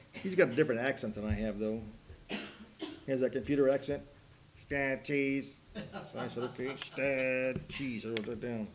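A man preaching a sermon, mixing folksy rambling stories with slow, emphatic preaching. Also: on the high side, a little hiss or hum. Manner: folksy, rambling storytelling with asides and laughs. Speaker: pastor.

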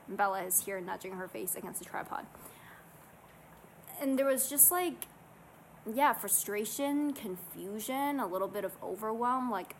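A woman vlogger talking casually and earnestly to camera, guiding listeners through calming self-help steps. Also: medium pitch, moderate pace, slight background noise, poor audio. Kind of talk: casual motivational talk to camera.

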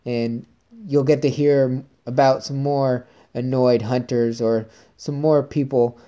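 A man's voice: mid-range voice, level tone, takes it slowly, mellow, smooth. A man hosting his own podcast, telling a story in an upbeat, rambling way. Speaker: podcast host. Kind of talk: casual solo podcast monologue.

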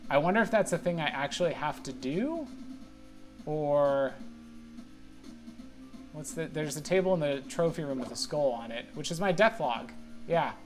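A man's voice: a little high, animated, moderate pace, pauses often, soft background music. A man giving casual, rambling commentary while playing a video game, mocking his own mistakes and breaking into sudden exclamations. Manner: rambling, self-deprecating play-by-play with sudden exclamations. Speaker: let's play gamer.

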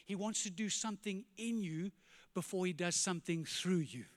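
A pastor preaching an animated sermon, firing rhetorical questions and dropping to quiet emphasis, in a church. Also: male voice, sits high, moderate pace, big-room sound.

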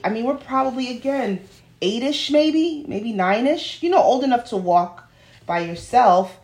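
A woman's voice: a little high, lively intonation, unhurried, a little mellow. A woman from New York City hosting a podcast, talking in a casual solo monologue, chatty and full of digressions, recorded in a home studio. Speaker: podcast host.

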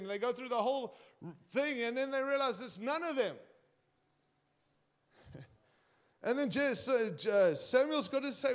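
A man's voice: high-pitched, expressive, normal speed. A man preaching a sermon in a conversational way, often turning to the congregation with direct questions.

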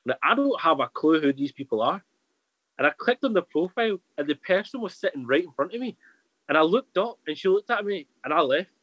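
A podcast guest, a man, talks quickly in a loose, candid ramble, circling back on his own points. His voice is dry and close, with no room around it. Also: fairly high pitch, very animated, fairly bright tone, dry recording, poor audio. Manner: rambling, candid, restarts a lot. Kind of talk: casual chat.

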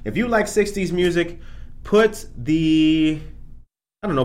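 A man hosts a live-streamed morning show, talking loosely and animatedly to the people in his chat. His voice sits a little on the high side. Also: measured pace, pauses often. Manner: chatty, animated, talks straight to the chat. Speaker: podcast host. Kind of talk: casual morning show talk to live viewers. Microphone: streamed on camera.

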